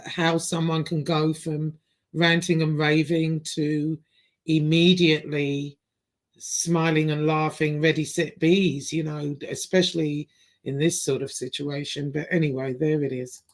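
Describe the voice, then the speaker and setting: A woman's voice: low voice, little pitch movement, measured pace. Blunt rambling woman commentator. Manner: blunt, rambling with fillers and restarts. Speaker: commentary channel host. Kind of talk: casual reaction commentary.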